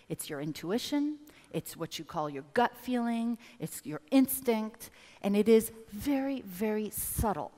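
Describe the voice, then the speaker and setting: A woman business coach giving a motivational seminar talk, animated and addressing the audience directly. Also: mid-range voice. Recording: reverberant hall.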